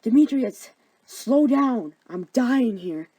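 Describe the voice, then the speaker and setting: Woman doing a desperate lovesick girl, whiny and high, in a cartoon parody. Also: expressive, slow pace, dark tone, husky, no echo, exaggerated voice. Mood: pleading. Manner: pleading, whiny. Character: clingy lovesick young woman Helena.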